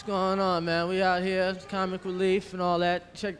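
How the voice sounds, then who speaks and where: Male comic, very high voice, bright and punchy, crowd murmuring. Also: completely flat delivery, moderate pace, a little hiss or hum. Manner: brash, profane, emphatic. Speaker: stand-up comedian. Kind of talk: stand-up comedy. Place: large theater stage. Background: audience laughter.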